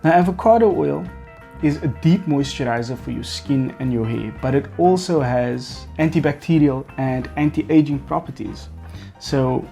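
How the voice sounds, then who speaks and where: A man's voice: medium pitch, normal speed, gravelly, warm tone, faint music behind. A man hosting a beard care video, explaining products with playful, teasing asides.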